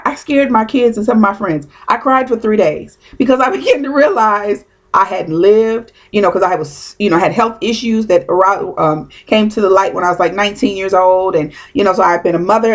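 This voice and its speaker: A woman in her thirties giving an informal teaching talk as a preacher, conversational and storytelling, slipping into quoted asides. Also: mid-range voice.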